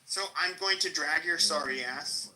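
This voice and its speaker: A podcast host with an American accent rants angrily on a live stream, taunting and swearing at a rival in an aggressive, profane way. His voice sits on the high side, moves at a moderate pace and sounds sharp. The audio quality is poor.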